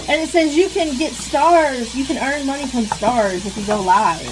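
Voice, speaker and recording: In her home kitchen, a vlogger rambles and vents while cooking, sighing as she talks. Her voice is high and slow, and a frying pan sizzles loudly throughout the noisy recording.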